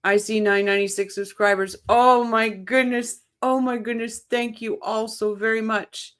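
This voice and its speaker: A woman hosting a casual livestream, chatting excitedly, laughing often and reading viewer comments aloud. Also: a little high, normal speed. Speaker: livestream host. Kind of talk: casual live-chat commentary.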